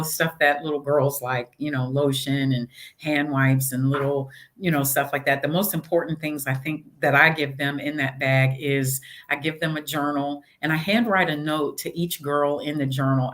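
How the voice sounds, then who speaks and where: Middle-aged lady mayor chatting away, acts out little quotes as she tells stories. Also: low voice. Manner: animated storytelling, acts out quotes. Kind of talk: casual interview chat.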